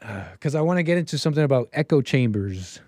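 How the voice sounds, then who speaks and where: A man's voice: mid-range voice, expressive, fast talker, mellow, no echo. A man from the United States hosting a casual call-in livestream, rambling and restarting his sentences as he tells stories. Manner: rambling, with frequent restarts and asides. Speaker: livestream show host. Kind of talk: casual call-in show monologue.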